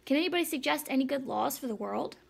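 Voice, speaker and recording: Lady doing tiny bossy mouse teacher, high gravelly voice, brisk and snippy, storybook reading. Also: expressive, full character voice. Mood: lecturing. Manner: brisk, commanding, dismissive.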